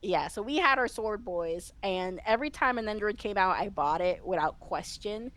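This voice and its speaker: Casting note: young-sounding woman, animated and chatty, laughs a lot, restarts her sentences. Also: medium pitch, moderate pace, dry recording, poor audio. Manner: excitable, laughs often, rambling with many restarts. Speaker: interview guest, VTuber. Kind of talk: casual chat.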